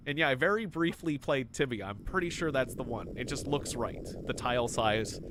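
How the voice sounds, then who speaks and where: A man casually commenting as he plays a video game, rambling through memories and reacting excitably. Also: medium pitch, moderate pace, very noisy. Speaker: gaming video host. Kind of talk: casual let's-play commentary.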